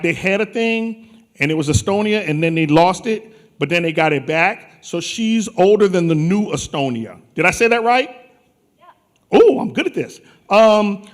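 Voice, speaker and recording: A man from New Orleans hosting a conference on stage, bantering and teasing people in playful, joking chatter. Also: high voice. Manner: teasing, animated, quick jokes. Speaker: conference host.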